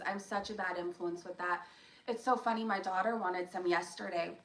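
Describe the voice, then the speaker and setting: A woman's voice: on the low side, steady tone, moderate pace, fairly bright tone, reverberant, recorded from a distance, poor audio. A young woman hosting a casual live stream from home, chatting with her viewers by name and rambling from one topic to the next. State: coughing after choking.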